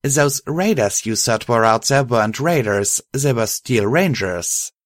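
A man's voice: mid-range voice, expressive, measured pace, no room sound, studio quality, close to an everyday voice. A man voicing a determined pony hero who speaks firmly and earnestly.

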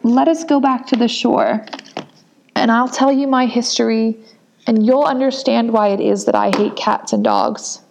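A woman's voice: a little high, fairly even intonation, moderate pace, vocal fry, darkish tone, slight background noise. A woman voicing an offended, trembling male mouse in a storybook reading. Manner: indignant, trembling.

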